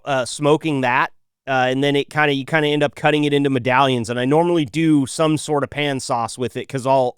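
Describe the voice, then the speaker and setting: A man's voice: a little high, fairly bright tone, smooth, no room sound, clean studio sound. A man hosting a podcast in casual chat, joking and thinking aloud with many restarts. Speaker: podcast host.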